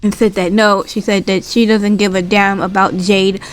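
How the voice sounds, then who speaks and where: A woman's voice: normal speed, faint music behind. A woman casually recapping a wrestling show in a vlog, chatty and full of fillers. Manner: animated retelling, acts out quotes in a higher voice; chatty with frequent fillers and asides.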